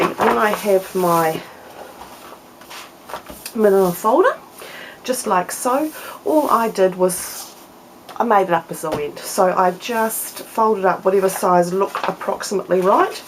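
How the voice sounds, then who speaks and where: A woman's voice: lowish voice, a little hiss or hum, rough recording. A woman hosting a casual papercraft tutorial, explaining each step in a chatty way with fillers.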